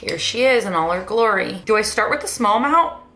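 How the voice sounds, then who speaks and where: A woman's voice: a little fast, soft background music. Chatty woman vlogger venting. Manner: chatty, venting and self-deprecating; animated, with sudden jumps in pitch. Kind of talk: casual vlog chat.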